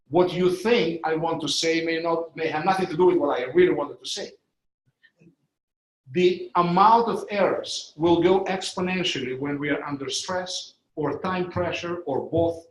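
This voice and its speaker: Guy teaching a workshop, kinda high voice, roomy echo, explains step by step. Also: normal speed. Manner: explanatory, illustrates with live demos. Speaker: trainer. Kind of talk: training lecture. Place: conference room. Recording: echoey training room.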